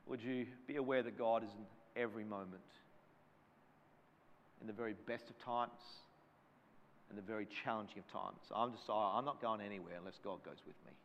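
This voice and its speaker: A man's voice: lowish voice, normal speed, a bit bright, dull audio, a little hiss or hum. Fervent male preacher in a reverberant hall. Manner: fervent preaching with repeated refrains. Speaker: pastor. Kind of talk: sermon.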